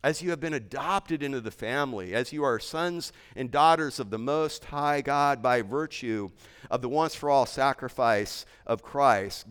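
A man's voice: medium pitch, a bit bright, clean tone, big-room sound. A man preaching a sermon as a pastor, earnest and emphatic, driving his points home with repeated phrases.

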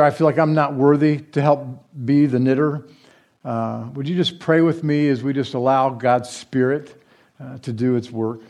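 A man's voice: medium pitch, fairly quick, darkish tone. A man who is a pastor, giving a conversational sermon with fillers, restarts and light joking asides.

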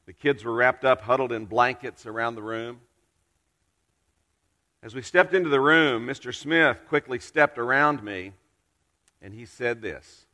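A male pastor preaching in a church sanctuary, his bright, forward tone carrying out into the room. He tells a story earnestly, leaning into dramatic pauses, and a long reverb trails behind each phrase. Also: mid-range voice. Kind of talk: storytelling sermon.

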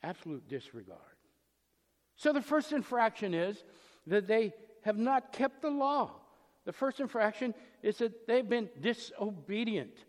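Man, pastor, sermon, high voice, emphatic, rhetorical questions, long hall reverb. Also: big pitch swings, a little slow.

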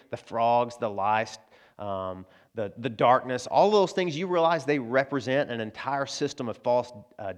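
A man preaches a sermon in an easy, conversational way, speaking straight to his congregation. He slips into voices for the quotes he tells, and his pitch sits in the middle range for a man. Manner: conversational preaching, asides to the congregation, frequent restarts; acts out quoted voices in prayer and dialogue. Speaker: pastor.

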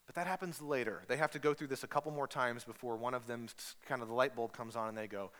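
A man's voice: medium pitch, steady tone, quick pace, hardly any pauses, fairly bright tone, big-room sound. A man preaching a sermon, telling a story with humor and acting out voices. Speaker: pastor. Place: church hall.

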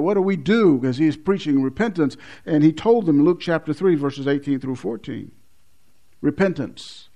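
A man preaching a sermon, swinging between loud emphatic lines and low, quiet stresses, repeating key words for weight.

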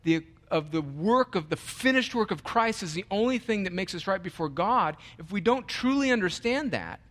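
Male pastor, earnest sermon delivery, bright forceful tone, slightly higher pitch. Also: normal speed. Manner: earnest, animated, with frequent restarts.

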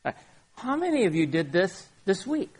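A man preaching a sermon as pastor, swinging from loud emphasis to quiet asides. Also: high voice, sing-song, moderate pace, slightly rough.

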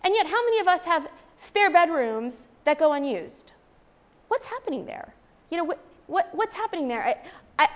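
A woman in her thirties, a street outreach worker, giving an earnest, emphatic faith talk to a live audience and repeating phrases for stress. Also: high-pitched.

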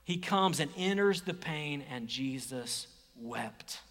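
A man preaching a sermon as a pastor, dropping to hushed whispers and rising to loud emphatic exclamations, acting out quoted speech. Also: fairly high pitch, slow pace, in a large hall. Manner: acts out quoted speech in lively voices.

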